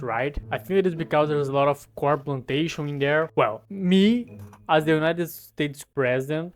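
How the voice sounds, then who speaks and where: A Brazilian man with Portuguese as his first language, giving mock-pompous, crude comedic commentary in a deadpan boasting manner. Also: on the high side. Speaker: comedy video creator. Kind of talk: comedic commentary while editing a map.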